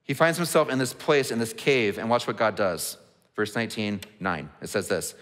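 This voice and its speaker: A man's voice: medium pitch, expressive, brisk, fairly bright tone. A man preaching a sermon as a pastor, earnest and conversational, often restarting his words. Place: large church auditorium. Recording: long reverb of a large hall.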